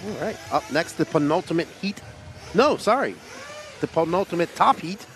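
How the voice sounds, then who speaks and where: A man co-commentating a race live, briskly reading out the start lists. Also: fairly high pitch, lively intonation, fairly bright tone, faint music behind. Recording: clear background noise.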